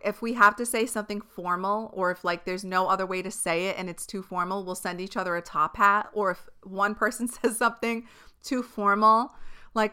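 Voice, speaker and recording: A woman's voice: medium pitch, sharp tone, clear, resonant tone. A woman hosting her own podcast in casual solo chat, talking into a podcast microphone, swearing freely and laughing often. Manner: chatty, profane, laughs often. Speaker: podcast host. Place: filming herself on camera.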